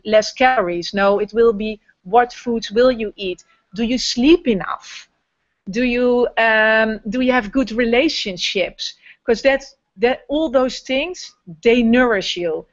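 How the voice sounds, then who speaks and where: A Dutch woman with a Dutch accent, a guest health coach on a video call, speaking in a measured, thoughtful way. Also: fairly high pitch, no room sound. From Netherlands. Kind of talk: casual interview on a video call. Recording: dry, dull lo-fi video call audio.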